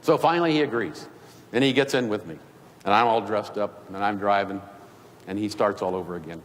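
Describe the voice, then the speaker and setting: This older man, giving a keynote, spins humorous, folksy business anecdotes for the crowd in a storytelling style. He talks fairly quickly in a lowish voice. A little hiss or hum sits under the sound of a reverberant hall with faint ambience.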